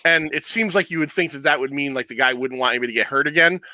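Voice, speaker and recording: A man's voice: fairly high pitch, rapid-fire, sharp tone, no room sound. A man co-hosting a podcast in casual, rambling, profane chat, laughing often. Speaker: podcast co-host.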